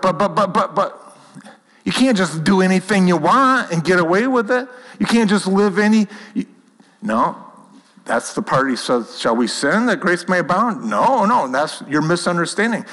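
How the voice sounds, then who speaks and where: A man's voice: mid-range voice, fairly bright tone. A man preaching a sermon to a congregation, earnest and conversational, often restarting his sentences. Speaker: pastor. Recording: long hall reverb.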